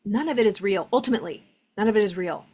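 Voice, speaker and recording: Woman talking thru a spiritual lesson, super conversational, lots of "like", mid pitch. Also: fast talker, darkish tone, slightly rough. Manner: conversational, many "like" fillers, reads passages aloud. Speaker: spiritual teacher.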